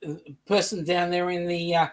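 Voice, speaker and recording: A man's voice: high-pitched, flat delivery, moderate pace, low-quality recording. Jokey man co-hosting a chat stream. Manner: jokey, banter-heavy, says mate a lot. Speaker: co-host. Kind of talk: casual live-stream chat.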